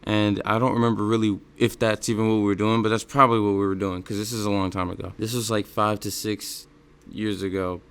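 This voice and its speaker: A young man in his early twenties tells a storytime tale to the camera in a low, smooth and clear voice. He rambles and doubles back to fix his own details. He keeps it casual, with lots of "right?" and "bro.". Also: flat delivery, a little fast, fairly bright tone. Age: early 20s. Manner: rambling, self-correcting, loose slang. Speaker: storytime channel host. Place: seated indoors at home.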